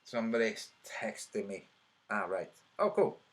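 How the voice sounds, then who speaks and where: A man making online videos, talking over his screen and counting out loud as he argues his point, his voice a little trembly. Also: fairly low pitch, sing-song, unhurried. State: slightly trembly voice. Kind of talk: screen-share commentary.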